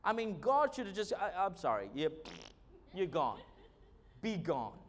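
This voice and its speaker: High-voiced male pastor preaching slowly. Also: wildly swooping pitch. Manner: emphatic preaching, frequent "uh" fillers. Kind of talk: sermon.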